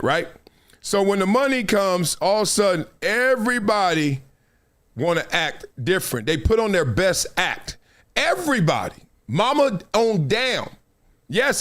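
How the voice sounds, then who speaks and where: A male host telling a story on a live stream, animated and slangy, laughing often. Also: high voice.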